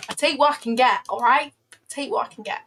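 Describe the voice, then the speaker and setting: A woman's voice: high-pitched, fast talker, a bit bright, a little hiss or hum. A young British woman chatting casually while trading on a livestream, talkative and self-deprecating, often repeating herself. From Britain. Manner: chatty, self-deprecating, repeats phrases, breaks into playful singing. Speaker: livestreaming day trader. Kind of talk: casual live-stream chat.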